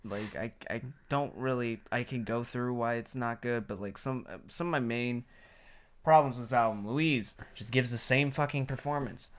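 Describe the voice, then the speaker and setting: A man's voice: mid-range voice, moderate pace. Blunt, profane male podcast reviewer. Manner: blunt and profane, grows loud and heated. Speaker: podcast co-host, album reviewer.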